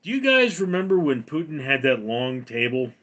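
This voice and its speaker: A man hosting a casual livestream, rambling with halting restarts. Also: mid-range voice, big pitch swings, fairly bright tone, lo-fi sound. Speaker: livestream host.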